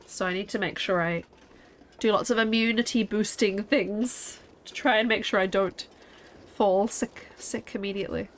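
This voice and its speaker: A woman's voice: medium pitch, steady tone, moderate pace, slight background noise. Sleepy, chatty woman streamer. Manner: chatty, rambling, talks to chat. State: sleepy, yawning. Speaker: game streamer. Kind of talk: casual gameplay chat.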